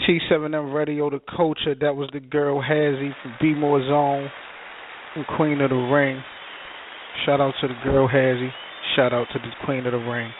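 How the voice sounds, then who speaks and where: A man with a Baltimore accent hosting a radio show, relaxed and slangy as he talks with a caller. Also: medium pitch, normal speed, phone-quality sound, slight background noise. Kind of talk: casual radio interview.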